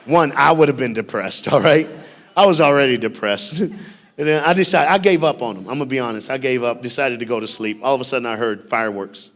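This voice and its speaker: Male youth speaker, lively sermon storyteller, jumps from loud to hushed, long church reverb. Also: mid-range voice, quick pace. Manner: animated storytelling with jokes, shifting from loud bursts to hushed.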